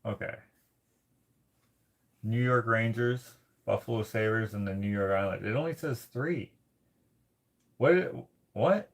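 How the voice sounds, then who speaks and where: A man from Canada hosting a casual livestream, reading viewer comments aloud and rambling as he thinks out loud. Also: lowish voice, takes it slowly, long pauses. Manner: rambling, thinks out loud while searching things up. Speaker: livestream host.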